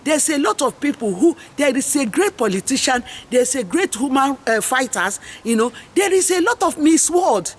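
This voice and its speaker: This host and farmers' advocate, a middle-aged Nigerian English speaker, delivers a passionate, wandering monologue heavy with preachy slogans she keeps repeating. Her high-pitched voice is very animated, moving at a moderate pace with hardly any pauses.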